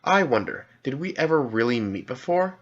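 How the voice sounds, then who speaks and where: A man's voice: mid-range voice, big pitch swings, normal speed, a bit bright. A man reading an audiobook, voicing a dreamy, sensible young girl in a lifted, lilting voice. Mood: wondering. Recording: dull lo-fi recording.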